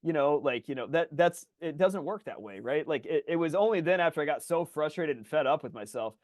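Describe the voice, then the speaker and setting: A man co-hosting a podcast, telling stories in casual chat, swearing freely and loudly acting out his own thoughts. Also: on the high side, animated, fairly quick, no room sound, studio quality. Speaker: podcast co-host.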